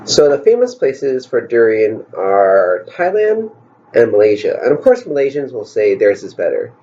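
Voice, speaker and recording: A man tells a rambling vlog story, musing wryly and firing off rhetorical questions. His voice sits in a middle pitch but swings up and down a lot. The recording is dull and lo-fi. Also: very animated, moderate pace, warm tone. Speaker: vlogger. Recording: dull lo-fi sound.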